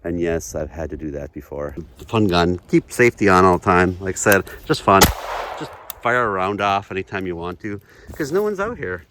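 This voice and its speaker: A man's voice: low-pitched, animated, normal speed, noisy background. A middle-aged man casually talking through a how-to vlog outdoors in snowy woods, chatty and rambling with jokes. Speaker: outdoors vlogger.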